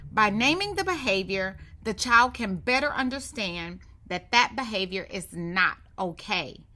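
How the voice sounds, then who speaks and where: A woman reads a scripted voiceover for training slides with a crisp, bright tone. Her delivery is calm and measured, with a steady instructional pace. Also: medium pitch. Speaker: course narrator. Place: studio voiceover.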